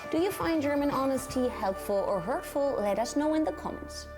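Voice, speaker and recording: A woman presenting a scripted explainer clip, talking brightly and speaking straight to the viewers. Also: high voice, moderate pace. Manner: bright, lively, addresses viewers directly. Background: music.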